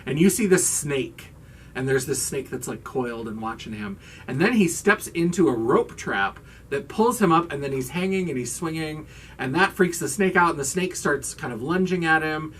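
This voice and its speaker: A woman hosting her channel, recapping a horror film in a casual, animated way and acting out the characters' lines. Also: low-pitched, moderate pace, far from the mic, a little hiss or hum. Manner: animated, acts out characters' lines, swears for laughs. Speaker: host.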